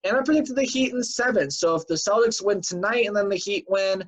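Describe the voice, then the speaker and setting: A man with a slightly high voice recaps the week's games in a chatty, rambling way, full of fillers. He sounds tired. The sound is dull and lo-fi, like a cheap home recording. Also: brisk. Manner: chatty, filler-heavy, offhand predictions. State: tired and yawning. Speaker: sports show host. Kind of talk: casual sports news recap.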